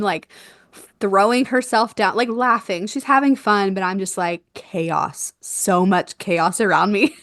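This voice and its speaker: A woman's voice: medium pitch, dry recording, studio quality. A young woman, a doula and podcast guest, telling her birth story in casual conversation, laughing often and acting out what people said. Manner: animated, laughs often, acts out quoted dialogue.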